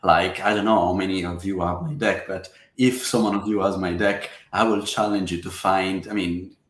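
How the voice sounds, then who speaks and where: Earnest, halting man in echoey room. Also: sits low, steady tone, a bit bright. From Mediterranean region. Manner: earnest, halting non-native phrasing. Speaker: guest, tarot deck creator. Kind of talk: casual interview chat.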